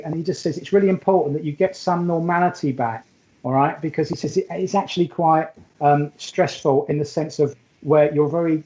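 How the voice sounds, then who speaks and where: Rambly male medium doing a live reading, warm mellow tone, kinda muffled stream audio. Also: a little high. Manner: chatty and affectionate, calls the sitter "my darling"; rambling, with many fillers and restarts. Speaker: spiritualist medium.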